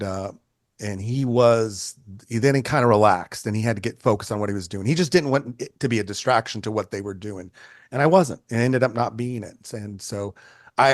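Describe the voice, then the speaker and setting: A man's voice: mid-range voice, no room sound. Chatty man in his sixties, dry sound. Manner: animated, chatty, frequent restarts and swearing. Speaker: photographer guest. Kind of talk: casual interview storytelling.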